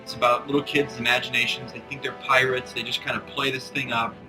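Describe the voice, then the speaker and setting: A man's voice: mid-range voice, level tone, quick pace, over music, low-quality recording. A young man in his twenties, a student filmmaker describing the project loosely with many fillers. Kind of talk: documentary interview.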